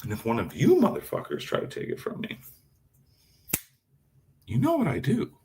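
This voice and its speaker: A man's voice: mid-range voice, huge pitch swings, moderate pace, gravelly, mellow, slight background noise. A man chatting casually on a live stream, swearing constantly as he rambles about his knives and answers chat. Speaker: knifemaker streamer.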